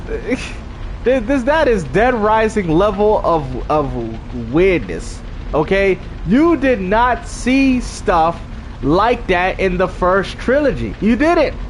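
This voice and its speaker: Animated, high-voiced man ranting casually. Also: slight background noise. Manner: animated, slangy, repeats himself. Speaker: gaming channel host. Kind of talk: casual gaming commentary.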